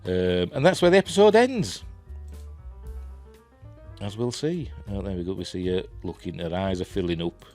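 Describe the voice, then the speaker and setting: Man, Yorkshire accent, very low voice, casual rambling review, chuckling asides, faint music behind. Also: lively intonation, moderate pace, pauses often, a little mellow. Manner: rambling, chuckling, self-deprecating, many fillers.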